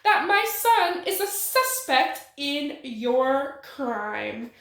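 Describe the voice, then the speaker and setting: A woman's voice: high voice, sing-song, very slow, a bit bright, heavily acted. A woman voicing a devoted, protective middle-aged mother who speaks in a placating, defensive way. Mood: indignant. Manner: placating, then firm and defensive. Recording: roomy echo.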